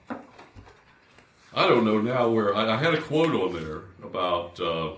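An older man, a pastor, teaching fellow preachers in an informal, animated way, poking fun at himself and swinging between loud and soft. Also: fairly low pitch, a little hiss or hum. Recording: roomy, distant from the mic.

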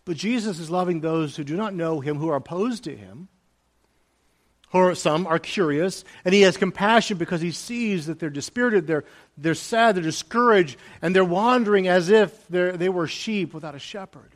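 Fairly high-voiced male preacher, hushed to emphatic. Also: moderate pace. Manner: shifts between hushed, soft lines and raised, emphatic ones; repeats key phrases for emphasis. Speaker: pastor. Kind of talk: sermon.

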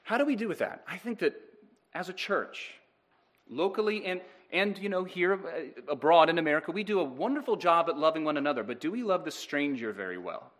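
Pastor, male, slightly high voice, earnest sermon delivery with questions to the pews. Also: lively intonation, fairly quick, fairly bright tone. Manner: earnest preaching with rhetorical questions to the congregation.

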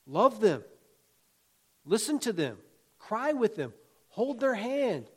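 A man preaching a sermon in a folksy, conversational way, with jokes and asides along the way. His voice sits a little higher than most men's, and he drives his points home with emphatic, rhythmic repetition. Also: big pitch swings, slow, slightly rough. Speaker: pastor.

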